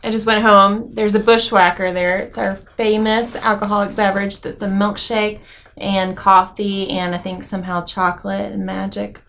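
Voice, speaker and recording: A woman's voice: mid-range voice, level tone, moderate pace, vocal fry, a bit bright. A young woman from Alabama guests on a casual podcast. She talks eagerly and chattily, with a mid-range voice. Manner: enthusiastic, chatty. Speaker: guest musician. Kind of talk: casual chat.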